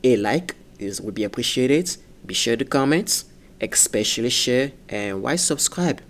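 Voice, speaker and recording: A man with a French accent hosting a gaming video, talking in a casual, rambling way with many pauses and restarts. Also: mid-range voice, expressive. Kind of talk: casual rambling commentary to camera.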